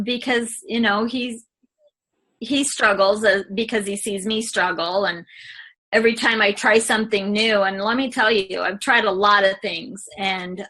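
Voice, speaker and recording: Woman realtor for a testimonial spot, bright voice, heartfelt, chatty with fillers. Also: mid-range voice. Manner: candid, heartfelt, many fillers. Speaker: real estate agent client. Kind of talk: client testimonial interview.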